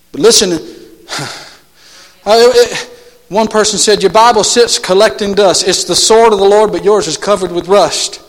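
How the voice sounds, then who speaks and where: A man preaching a sermon as pastor, pleading with his church in rising shouts, then dropping to soft, intimate asides. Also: sits high. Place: church sanctuary. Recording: long hall reverb.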